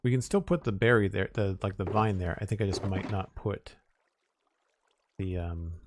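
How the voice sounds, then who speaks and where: A man streaming a building game, thinking aloud in relaxed casual commentary, his voice slightly hoarse. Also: low voice, moderate pace.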